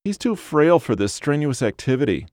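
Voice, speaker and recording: A man's voice: a little high, sing-song, normal speed, darkish tone, no echo, studio quality, voice pushed up. A man voicing a whiny, nagging older woman in an audiobook, fretting and pleading with a whiny voice. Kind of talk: audiobook character voice.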